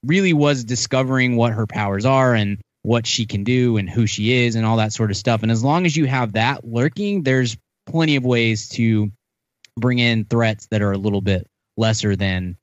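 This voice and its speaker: A man co-hosting a podcast, talking in a relaxed, agreeable way about a film. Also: mid-range voice, normal speed, no room sound, muffled recording. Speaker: podcast co-host. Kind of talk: casual movie discussion.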